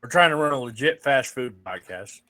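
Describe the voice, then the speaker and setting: A man's voice: medium pitch, lively intonation, normal speed, pushed and bright, dry recording. Joking man co-hosting a podcast. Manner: joking, teasing. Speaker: podcast co-host. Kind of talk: casual chat.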